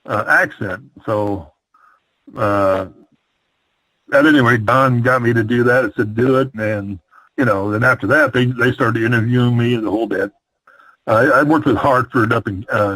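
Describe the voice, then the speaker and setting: An older man from the Midwest spins long rambling road stories about his wrestling days, full of ums and false starts. His voice sits at an ordinary pitch for a man, recorded close and dry with no room sound. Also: fairly bright tone, no echo, rough recording. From American Midwest. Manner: rambling, many fillers and restarts. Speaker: retired pro wrestler, guest. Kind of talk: storytelling interview.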